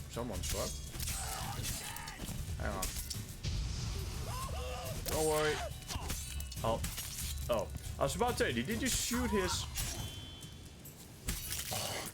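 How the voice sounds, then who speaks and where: A man from the Netherlands streaming a game live, joking about himself and swearing freely as he talks through his inventory. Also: medium pitch. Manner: joking, self-mocking, swears often. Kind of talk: casual live gameplay commentary.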